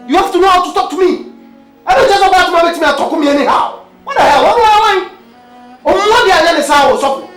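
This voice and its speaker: Brief: an indignant spouse arguing with a pastor, high-pitched, fast, heated, echoey room. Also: female voice, fairly bright tone. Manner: heated, argumentative, mixing Twi and English. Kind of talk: Ghanaian film drama dialogue. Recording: echoey room with faint music.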